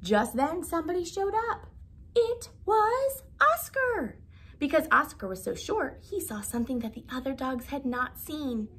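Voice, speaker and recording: A woman teacher reading a storybook aloud in an expressive, animated way. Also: high-pitched, normal speed, hardly any pauses, slightly rough.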